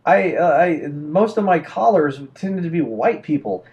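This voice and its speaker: A man's voice: on the high side, big pitch swings, a little slow, muffled recording. Rambling man telling a story. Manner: rambling, frequent restarts and fillers. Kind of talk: casual chat, storytelling.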